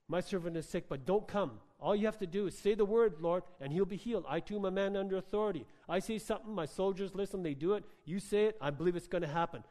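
A self-assured Roman officer rattles off his request with quick, clipped confidence, as a preacher plays him. His voice sits a little higher than the preacher's normal tone. The long echo of a big hall trails after each phrase. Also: mellow, lightly acted.

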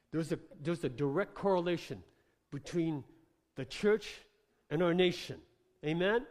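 A man preaching a sermon with passion, moving between quiet reading and loud declarations. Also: on the high side, unhurried. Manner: impassioned, swings from quiet to shouting. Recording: long hall reverb.

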